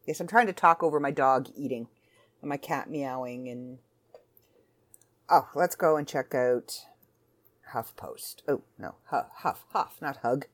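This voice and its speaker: A woman's voice: extremely low pitch, a little slow. A woman hosting a casual solo podcast from home, chatting in a rambling, self-interrupting way. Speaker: podcast host.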